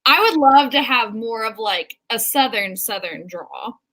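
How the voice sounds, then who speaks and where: A woman's voice: on the high side, expressive, a little slow, bright, forceful tone. A woman in her twenties hosting a casual writing vlog over a video call, bubbly and giggly, often breaking into laughter. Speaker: host. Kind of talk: casual chat.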